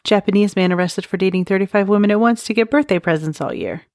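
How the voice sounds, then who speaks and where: A woman's voice: medium pitch, fast talker, noisy background. A woman hosting a comedic true crime podcast in casual chat, often breaking into cackling laughter. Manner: giggly, keeps breaking into loud cackling laughter. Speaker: podcast host.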